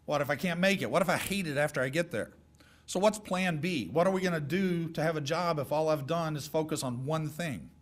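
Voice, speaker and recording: A middle-aged man addresses a class of high school seniors in a folksy, joking way, handing out direct advice. His voice sits a little high for a man. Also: a little fast. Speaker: guest speaker.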